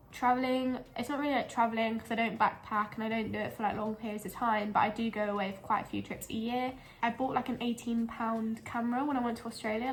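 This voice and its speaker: A young woman, a lifestyle blogger, chatting casually in her home kitchen with rambling, giggly asides and a slightly breathless delivery. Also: a little high. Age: young adult. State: a bit out of breath.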